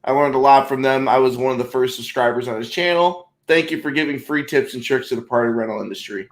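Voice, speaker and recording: A man's voice: mid-range voice, fast talker. A man interviewing a guest in a casual chat, joking and laughing often. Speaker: podcast interviewer.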